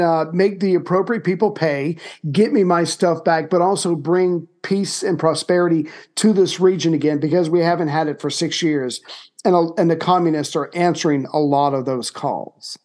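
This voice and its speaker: A man's voice: on the high side, a little mellow. A man in his fifties co-hosting a history podcast, talking casually and chiming in. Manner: chiming in, quick interjections. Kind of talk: casual conversational chat.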